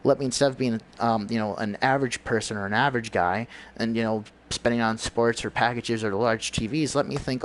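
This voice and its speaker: Guy ranting on his livestream, preachy and rambly, keeps hunting for words, middle pitched voice. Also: fairly even intonation, fairly quick, few pauses, slight background noise. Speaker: livestream host.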